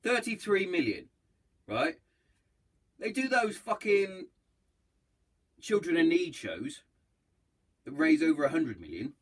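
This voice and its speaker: A man's voice: on the high side, sing-song. A man hosting his own podcast, chatting casually in a blunt, heavily sweary way and acting out bits of what others said. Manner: acts out others' lines in quick voices. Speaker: podcast host. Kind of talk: casual solo podcast chat.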